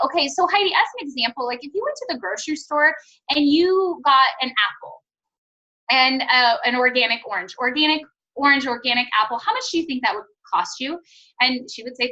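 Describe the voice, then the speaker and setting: A woman's voice: sits high, expressive, a little fast, sharp tone, lo-fi sound. A woman coaching her sales team on a conference call, enthusiastic and acting out sales conversations. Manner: enthusiastic, acts out sales dialogues. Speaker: network marketing team trainer.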